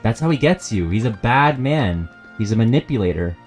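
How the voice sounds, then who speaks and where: A man streaming a video game, joking and swearing in excitable live commentary. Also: medium pitch, moderate pace, soft background music.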